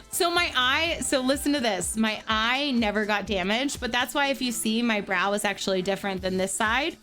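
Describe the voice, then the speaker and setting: A woman in her thirties from Pennsylvania tells a story casually and with animation, and her voice sits fairly high. She scatters "like" through nearly every sentence, and faint music plays behind her. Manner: animated, filler-heavy with frequent "like".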